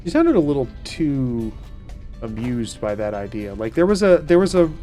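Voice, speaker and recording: A man's voice: mid-range voice, faint music behind. A man streaming a video game live, reacting with playful mock outrage and chatting with his viewers. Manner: animated, mock outrage, quick asides to chat. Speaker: gaming streamer. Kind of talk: live gameplay commentary.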